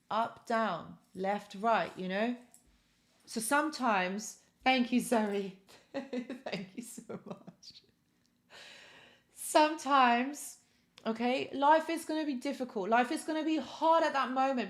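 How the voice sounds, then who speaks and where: A woman hosting a live stream, giving encouraging motivational talk and thanking viewers by reading their comments. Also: on the high side.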